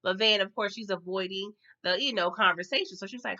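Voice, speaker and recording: A woman's voice: medium pitch, brisk, pushed and bright. A woman giving a casual TV episode recap, chatty and slangy, talking to her viewers as y'all and tagging her lines with okay. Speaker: TV recap vlogger. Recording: dull lo-fi sound.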